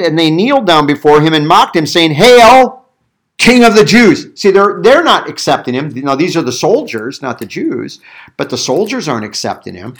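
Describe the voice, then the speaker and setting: Guy doing a chatty bible teaching, kinda high voice, animated, acts out the quotes. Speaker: pastor teaching a Bible study.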